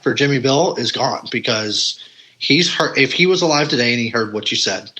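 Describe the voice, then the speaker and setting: A man's voice: medium pitch, animated, normal speed, sharp tone, low-quality recording. A man guesting on a podcast, talking casually and bluntly, with lots of fillers, restarts and the odd swear word. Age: adult parent. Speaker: podcast guest, paranormal investigator. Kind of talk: casual conversation.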